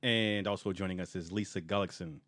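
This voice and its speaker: A man's voice: low-pitched, steady tone, brisk, background noise. A man hosting a podcast, chatting casually and laughing easily with his co-hosts. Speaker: podcast host. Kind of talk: casual chat.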